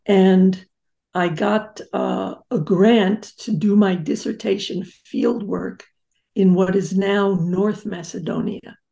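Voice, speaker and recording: A woman's voice: mid-range voice, steady tone, takes it slowly, vocal fry, mellow. An older woman, a psychotherapist guest in an interview, telling personal stories in a reflective and emphatic way. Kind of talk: interview storytelling.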